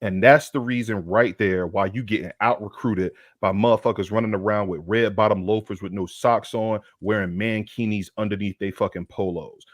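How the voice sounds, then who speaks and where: A brash, profane man with a drawl rants on a sports stream in a fairly low voice. The sound is dry and close to the mic. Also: steady tone, moderate pace, few pauses, no echo. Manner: brash, profane, heated ranting. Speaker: co-host. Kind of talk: casual sports talk livestream.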